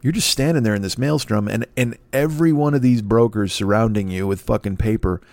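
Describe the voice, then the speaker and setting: A man's voice: fairly low pitch, a little fast, darkish tone, no echo. Profane, rambling man on a podcast. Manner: profane, self-deprecating rambling. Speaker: podcast host. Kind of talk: solo podcast monologue.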